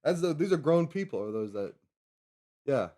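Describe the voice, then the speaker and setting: A man's voice: fairly high pitch, big pitch swings, moderate pace, dark tone. A man in his thirties chatting casually on a live stream, rambling from topic to topic and correcting himself as he goes. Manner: chatty, digressive, self-correcting.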